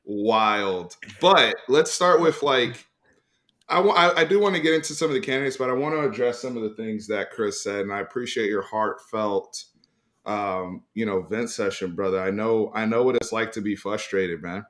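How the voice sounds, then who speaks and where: A man's voice: lowish voice, moderate pace, fairly bright tone. A man co-hosting a sports fan talk show, easygoing and supportive, laughing along with his partner.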